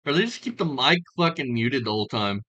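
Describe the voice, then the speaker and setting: A man's voice: medium pitch, very animated, brisk, pushed and bright, lo-fi sound. A man giving crude, mocking reaction commentary on a stream, often breaking into laughter. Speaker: stream reviewer.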